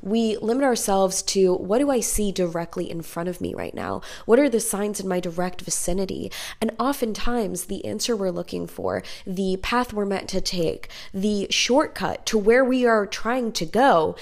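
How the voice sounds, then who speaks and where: A young woman with a creaky, fry-heavy voice talks straight to her viewers like a manifesting coach. She is emphatic and repetitive and drops the odd swear word. Her pitch sits in an ordinary middle range. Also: normal speed, hardly any pauses. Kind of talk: casual motivational monologue.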